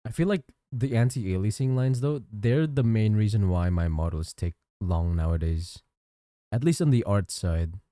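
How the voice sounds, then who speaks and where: A man's voice: on the low side, moderate pace, no room sound, studio quality. A man streaming while he draws, chatting casually with his chat and thanking viewers. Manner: chatty, thanks chat, lively ups and downs. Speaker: livestreamer and digital artist.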